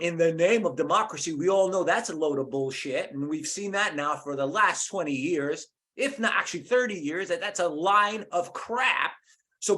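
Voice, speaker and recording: A man's voice: sits high, a bit bright. Angry, profane man ranting. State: in pain from a cracked collarbone. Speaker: political commentator. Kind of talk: angry conspiracy rant.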